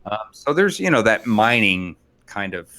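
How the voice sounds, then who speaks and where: Low-voiced man explaining a game. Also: moderate pace. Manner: relaxed explaining, with fillers. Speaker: podcast co-host. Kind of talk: casual gaming chat.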